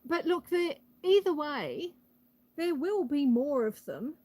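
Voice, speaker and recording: Woman, high voice, slightly winded, phone live-stream host, chatty. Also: animated, slow, mellow, dry recording, low-quality recording. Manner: chatty, reads out viewer comments. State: a bit out of breath. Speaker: homestead livestream host. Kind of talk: casual live-stream chat. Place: outdoors on a rural property. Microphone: phone held for live stream.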